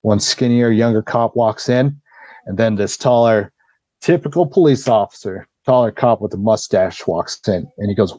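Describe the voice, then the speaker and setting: A man's voice: lowish voice, normal speed, dry recording, muffled recording. A man on a podcast telling a long story in a casual way. He acts out what people said and swears freely. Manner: lively storyteller acting out quoted dialogue, swears freely. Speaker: podcast guest.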